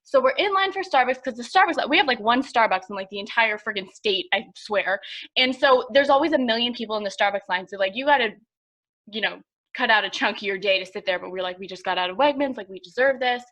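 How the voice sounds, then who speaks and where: A woman's voice: on the high side, animated, fast, fairly bright tone. A young woman co-hosting a podcast, telling stories in a chatty way with lots of fillers. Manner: chatty storyteller, many fillers. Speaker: podcast co-host. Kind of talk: casual chat.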